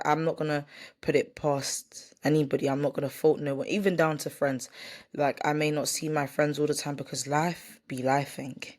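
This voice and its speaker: A vlogger with a low, slightly mellow voice talks candidly to the camera. Her casual chat rambles, she corrects herself, and parts are read from a script.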